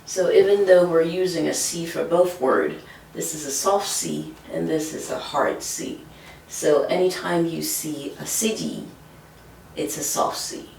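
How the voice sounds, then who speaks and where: A woman's voice: low voice, steady tone, measured pace, creaky, darkish tone, a little hiss or hum. A woman teaching French pronunciation, explaining patiently and often checking in with "okay?". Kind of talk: whiteboard language lesson. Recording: echoey room from far off.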